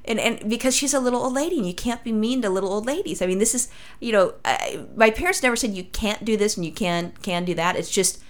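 A woman's voice: medium pitch, quick pace. A woman from Los Angeles telling a crude story in casual chat, swearing freely as a podcast host.

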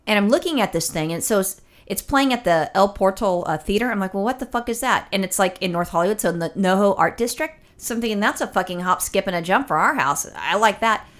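A woman's voice: mid-range voice, expressive, fast talker, few pauses, a bit bright. A woman co-hosting a casual chat, telling a story with lots of swearing and acted-out quotes.

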